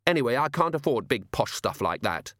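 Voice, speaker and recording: A man's voice: mid-range voice, big pitch swings, brisk, fairly bright tone, dry recording, clean studio sound. A man voicing a pushy working-class mother who speaks sharply and indignantly.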